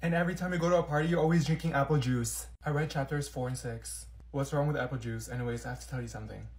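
A man's voice: medium pitch, fairly even intonation, a little mellow. A young man acting out school comedy skits, switching between blunt, sassy characters. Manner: sassy, blunt, quick-shifting voices.

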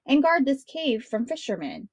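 A woman reading aloud and voicing a proud, scheming male shark king in a storybook, speaking low and sternly. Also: sing-song, normal speed, darkish tone, husky, no echo, exaggerated voice.

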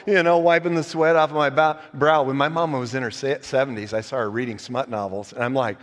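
A male pastor preaching a sermon, animated and joking, swinging from quiet asides to loud emphatic points. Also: fairly high pitch, quick pace, hardly any pauses, big-room sound. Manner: joking, laughs at own stories. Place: church sanctuary.

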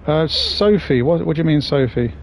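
A man's voice: a little high, animated, normal speed, slight background noise. A man streaming a game, chatting casually with viewers, swearing and greeting them by name. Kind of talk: casual live-stream chat.

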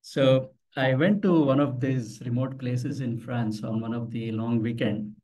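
A man's voice: medium pitch, fairly even intonation, a little slow, dark tone. A man giving a live tech demo at a meetup, talking casually, telling anecdotes and asking the audience questions. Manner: conversational, tells anecdotes, asks the audience questions. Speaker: meetup presenter. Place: office meeting room. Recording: voice from far off the mic.

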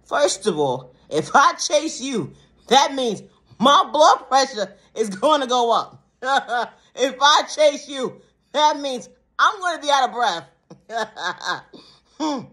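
A woman vlogger ranting to the camera in a casual monologue, laughing often between phrases and swearing heavily. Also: slow. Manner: calm lower-voiced affirmations in the closing sign-off.

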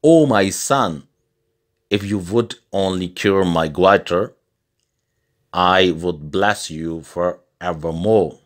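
A pleading old village woman from a storybook tale, read by a man. The voice rises only slightly above his low register and stays slow. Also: fairly even intonation, fairly bright tone.

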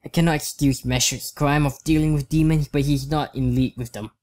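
A man voicing a worried old dark elf father who speaks gravely and pleads for his son. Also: on the high side, steady tone, brisk, close to an everyday voice. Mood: pleading.

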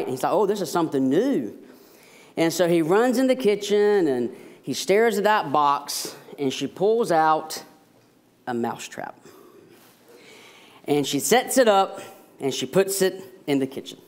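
A man's voice: high voice, measured pace. A man, an associate pastor, preaching a sermon and telling a story with jokes. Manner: storytelling, animated, self-deprecating jokes.

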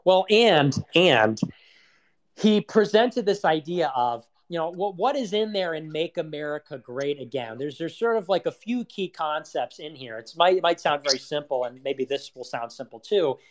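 Young guy hosting a chat room, kinda high voice, rambling rant w/ lots of questions and cussing. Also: animated, moderate pace. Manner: rambling, full of rhetorical questions and swearing. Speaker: host of an audio chat room. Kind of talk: casual political monologue.

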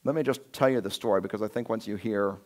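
A man preaching a conversational sermon as a pastor, telling the story casually and acting out quotes with lively shifts in voice. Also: on the low side, fast. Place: church sanctuary.

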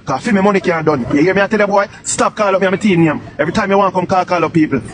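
A man's voice: high-pitched, racing, background noise. A man from Jamaica with a Jamaican accent, ranting on a live stream in a confrontational way, repeating his taunts and demands.

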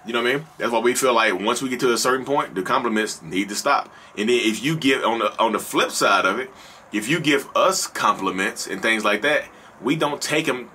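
A man's voice: mid-range voice, brisk, bright, forceful tone, a little hiss or hum. A man with a Southern North Carolina accent giving an earnest, conversational to-camera talk, repeating himself and speaking straight to his listeners. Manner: earnest, repetitive, conversational, addresses listeners directly. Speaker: vlogger discussing narcissism. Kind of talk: casual to-camera monologue.

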